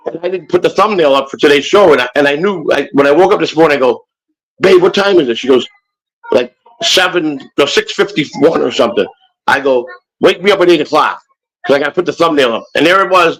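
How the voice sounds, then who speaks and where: A man's voice: fairly high pitch, fairly bright tone, poor audio. An older man and grandfather co-hosting a casual morning chat show, rambling and joking with many restarts. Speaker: co-host.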